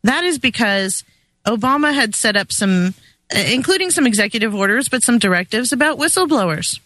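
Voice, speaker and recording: A woman's voice: on the high side, lively intonation, brisk, bright, forceful tone, dry recording. A woman discussing politics on a talk radio show, earnest and explanatory, with some fillers.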